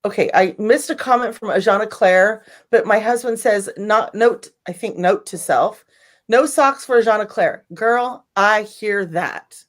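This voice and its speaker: A woman's voice: medium pitch, unhurried. A woman hosting a live stream, chatting casually with a guest and gushing over viewer comments. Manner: bubbly, gushing, animated. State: teary, emotional.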